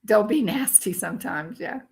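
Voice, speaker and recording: A woman's voice: mid-range voice, lively intonation, moderate pace, creaky, a little mellow. An older woman hosting a casual true crime commentary livestream, ranting and reacting to viewer comments as they come in.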